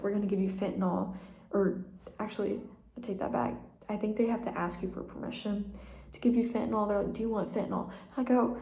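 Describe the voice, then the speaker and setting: A woman's voice: mid-range voice, vocal fry, mellow, reverberant. A young woman telling a personal story in a casual, chatty way, with lots of fillers and small laughs. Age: young adult. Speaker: vlogger.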